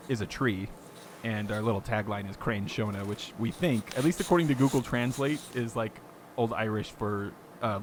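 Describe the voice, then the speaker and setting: A man's voice: lowish voice, a little hiss or hum. A man hosting a podcast, talking casually and rambling, often laughing as he tells stories. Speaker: podcast host.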